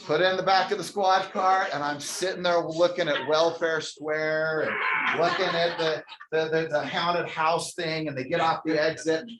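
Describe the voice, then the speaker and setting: A man's voice: fairly high pitch, steady tone, measured pace, hardly any pauses, crowd noise. A man who is a company CEO, telling a funny, self-mocking story from a stage to a live audience, chatty and full of restarts. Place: stage in a large room. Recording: echoey room sound.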